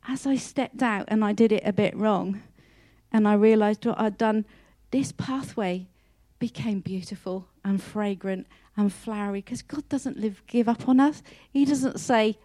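A woman's voice: fairly high pitch, steady tone, measured pace, darkish tone. A woman speaks in an earnest, heartfelt devotional talk. She sounds openly emotional and often repeats or restarts words mid-phrase. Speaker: Christian speaker.

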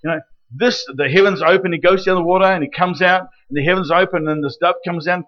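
Casting: male preacher, high voice, animated teaching delivery that keeps checking in with the room, dull lo-fi recording. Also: fast talker. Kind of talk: sermon.

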